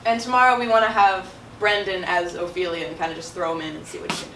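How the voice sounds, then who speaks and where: A woman's voice: fairly low pitch, level tone, fast talker. Teenage girl introducing a scene. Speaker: student. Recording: echoey classroom, distant mic, hiss.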